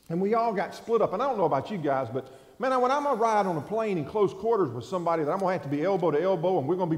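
Folksy pastor in an echoey hall. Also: male voice, high voice. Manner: storytelling, folksy and conversational, swings between loud and quiet. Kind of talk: sermon. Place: large church hall. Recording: echoey hall, long reverb.

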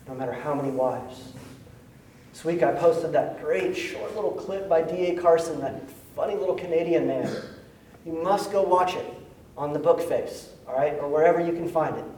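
A male pastor with a high voice delivers a conversational sermon, dropping casual slang and rising to emphatic peaks. He sounds somewhat far from the mic, and his voice rings through a roomy church sanctuary with faint ambience behind it. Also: mellow, a little hiss or hum. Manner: conversational preaching with slangy asides.

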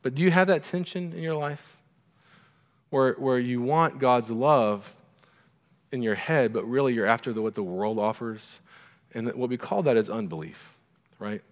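Man, middle-aged, pastor, conversational sermon, mid-pitched, long church reverb. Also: normal speed. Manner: conversational preaching, frequent "right?" asides. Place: church sanctuary.

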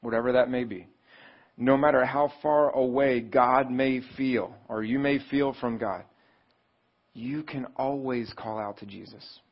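A man's voice: steady tone, a little slow, muffled recording. A male pastor preaching a sermon in a conversational way, asking the congregation questions and acting out pleading voices. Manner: conversational, asks the audience questions; acts out pleading voices with rising pitch.

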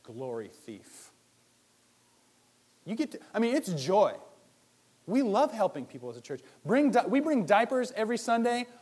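Preaching with energy and a high-pitched, brisk delivery, this male pastor keeps things conversational. Rhetorical questions come in rapid succession while his volume rises loud and drops to a hush.

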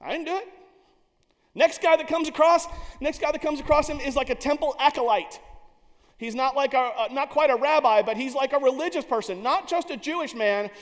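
A male pastor preaching a sermon, telling the story dramatically and swinging from loud passages to hushed ones. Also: very high-pitched, a little fast. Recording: long reverb of a large hall.

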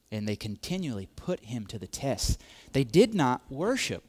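A man's voice: mid-range voice, big pitch swings, normal speed, hardly any pauses. A man preaching a sermon, repeating key phrases, swelling to emphatic peaks and dropping to near whispers. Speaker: pastor.

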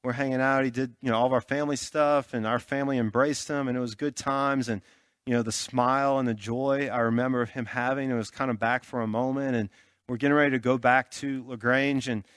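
A man's voice: mid-range voice, steady tone, brisk, fairly bright tone, no echo, clean studio sound. A man giving a sermon through a personal story, talking loosely and conversationally with lots of fillers and check-ins. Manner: checks in with listeners often. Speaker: pastor.

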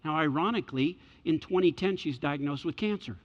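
A man preaching a sermon and telling a story, swinging between loud passages and hushed ones. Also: on the high side, a little fast. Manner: dramatic shifts between loud and hushed delivery. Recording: echoey hall, dull lo-fi sound.

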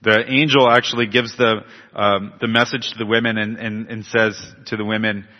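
A man's voice: lowish voice, level tone, moderate pace. A male pastor preaching a sermon, retelling scripture with acted-out quotes and frequent restarts. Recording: muffled sound with long hall reverb.

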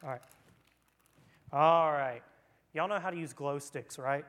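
A man's voice: on the high side, unhurried, fairly bright tone. A man leading an interactive Bible lesson for children, reading scripture and joking in a playful, casual way. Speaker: children's church leader. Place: church room with children present.

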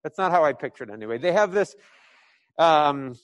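A man's voice: on the high side, lively intonation, a little fast, no room sound, lo-fi sound. A man from New England preaching conversationally, painting a scripture story like a film scene with many fillers and restarts. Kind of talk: sermon told as a vivid imagined film scene.

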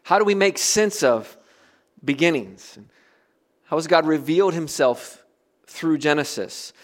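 A middle-aged man from the United States preaching a sermon, earnest and emphatic, with soft dropped asides. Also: on the high side, expressive, unhurried. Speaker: pastor.

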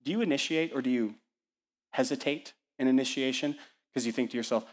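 Male pastor, mid-range voice, energetic sermon delivery at church, fond of lists and rhetorical questions. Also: medium pitch, fairly quick.

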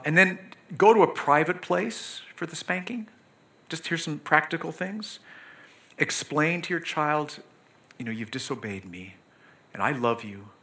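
A middle-aged man preaching from the pulpit in an earnest, pleading way. His voice is bright and forceful, with pitch in an ordinary middle range. He presses his points with sudden emphatic bursts. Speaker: pastor. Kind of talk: sermon.

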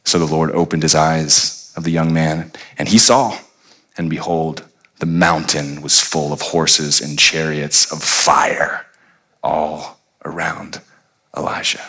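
Bright-voiced preaching pastor, man. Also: rumbling low, slow pace. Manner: animated preaching with playful asides, rising to near-shouts. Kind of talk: sermon.

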